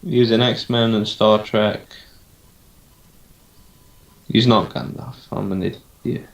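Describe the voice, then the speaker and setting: A man's voice: lowish voice, steady tone, measured pace, vocal fry. Casual young male podcast co-host who rambles, second-guesses himself and fills gaps with ums; recorded in a roomy space. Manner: rambling, unsure, thinks aloud with many ums. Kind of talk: casual chat.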